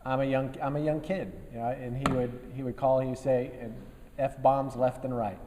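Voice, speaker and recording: A man in his fifties, an army general, giving a relaxed after-lunch speech to a business group, telling folksy stories with dry humor and many fillers. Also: mid-range voice, moderate pace. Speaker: guest speaker, army general. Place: meeting room before a live audience. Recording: long reverb of a meeting hall.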